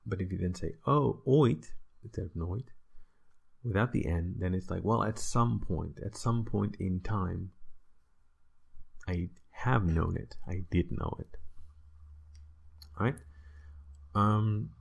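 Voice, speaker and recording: A man's voice: low voice, takes it slowly, creaky, long pauses, husky. A man teaching a casual online language lesson, explaining patiently and checking in with "right?".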